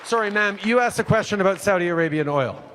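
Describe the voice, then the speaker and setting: A man answering audience questions at a town hall, measured and halting with many restarts. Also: high-pitched, fairly bright tone, some chatter behind, slight background noise. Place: large public hall. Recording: echoey hall, long reverb.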